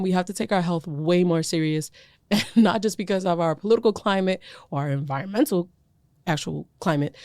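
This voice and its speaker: Animated woman podcast co-host, dry sound. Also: on the low side, no echo. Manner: animated, emphatic and repetitive, laughs often. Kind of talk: casual chat.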